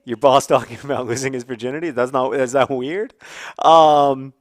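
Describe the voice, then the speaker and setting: A man in his thirties muses aloud at an easy, middling pitch as he plays a football game. His talk wanders with false starts and filler words, and he bursts into loud, excited cries whenever the match heats up. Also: normal speed, no echo. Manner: rambling, many restarts, bursts of excited outcries at the game. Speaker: video blogger playing a football video game. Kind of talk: casual gameplay talk while discussing a topic.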